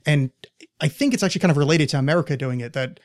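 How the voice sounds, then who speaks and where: A man's voice: fairly high pitch, very fast. A young man hosting a podcast, chatting casually in a rambling, sardonic way and swearing freely. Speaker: podcast host. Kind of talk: casual chat.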